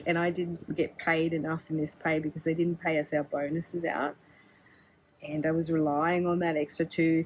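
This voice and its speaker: A woman's voice: on the low side, slight background noise, rough recording. An Australian woman chatting casually as she swatches fountain pen inks, rambling and chatty, sometimes breaking into bits of song. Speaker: fountain pen ink vlogger.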